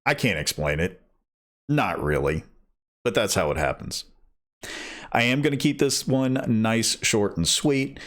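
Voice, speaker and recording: A man reading an audiobook, talking casually to listeners afterwards in a slow, rambling way that keeps correcting itself. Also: medium pitch, expressive, a bit bright. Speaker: audiobook reader.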